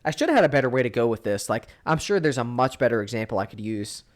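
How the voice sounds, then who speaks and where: A man's voice: medium pitch, very animated, quick pace. A young man co-hosting a podcast in casual chat, blunt, rambling and full of swearing. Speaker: podcast co-host.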